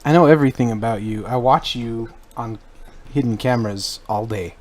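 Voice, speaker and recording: A man's voice: mid-range voice, moderate pace, a little mellow. A man with a mid-range voice co-hosts a casual podcast. He teases his partner playfully and moves the talk along. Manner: teasing, playful banter. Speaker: podcast co-host. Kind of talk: casual chat.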